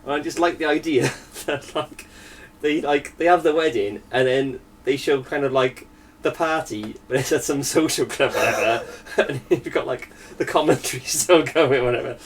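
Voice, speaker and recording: A man's voice: mid-range voice, moderate pace, distant mic, a little hiss or hum. A young man in casual podcast banter, chatty, laughing often, at times reading a news story aloud. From Wales. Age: young adult. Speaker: podcast co-host.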